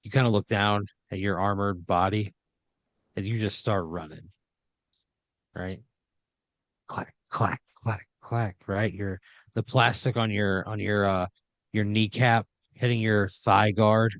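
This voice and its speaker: A man's voice: lowish voice, steady tone, measured pace, fairly bright tone, no room sound, dull audio. A man improvising a second-person story as a podcast storyteller, rambling with uhs and restarts.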